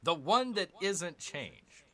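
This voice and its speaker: A man's voice: sits high, very animated, takes it slowly, a bit bright. A man hosting a gaming channel, chatting casually through a strategy game, repeating himself and calling viewers "people". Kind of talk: casual let's-play commentary.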